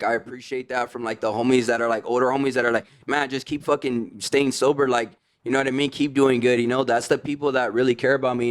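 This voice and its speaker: A man, a podcast guest in recovery, telling his story in casual slang, full of "like" and "you know what I mean". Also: medium pitch.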